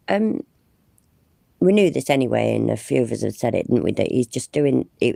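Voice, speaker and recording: A woman's voice: very deep voice, vocal fry, warm tone, no room sound, clean studio sound. A woman giving casual, exasperated reaction commentary on a live stream, swearing and chatting with her viewers.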